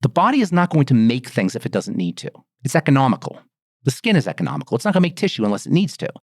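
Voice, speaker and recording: A middle-aged man, a pharmacist and skin care formulator, explaining in a lively podcast talk, asking rhetorical questions and acting out exclamations. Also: mid-range voice, very fast, dry recording, studio quality. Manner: animated, rhetorical, acts out exclamations.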